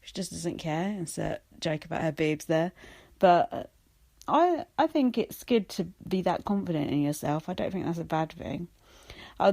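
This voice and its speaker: A young woman hosts her own podcast and riffs alone on reality television. She is sarcastic and swears freely, laughing between points. Her voice sits fairly low for a woman. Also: darkish tone. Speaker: podcast host. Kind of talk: casual solo commentary.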